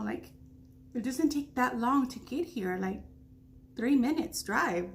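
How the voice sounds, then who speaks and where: A woman's voice: a little high, slow pace, vocal fry, a little hiss or hum. A woman vlogger earnestly retelling a frightening night, acting out the dialogue with many restarts. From Texas. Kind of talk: storytime vlog.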